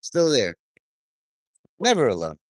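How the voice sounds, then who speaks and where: A man's voice: mid-range voice, wildly swooping pitch, takes it slowly, no room sound. A man giving a rambling, profane, stream-of-consciousness monologue to his viewers. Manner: profane, stream-of-consciousness, drifting between topics.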